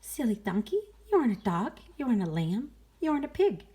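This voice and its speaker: A woman's voice: a little high, very animated, fast, dark tone, voice pushed up. A woman voicing a small, cheeky sparrow in a storybook reading, chirpy and teasing.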